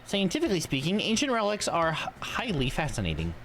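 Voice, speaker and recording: A man's voice: on the high side, wildly swooping pitch, quick pace, fairly bright tone, soft background music, pitched above the performer's own voice, heavily acted. A man doing sardonic young scientist woman Ema. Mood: enthusiastic. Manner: dry, teasing, rambling about science. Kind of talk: reading game dialogue on a livestream.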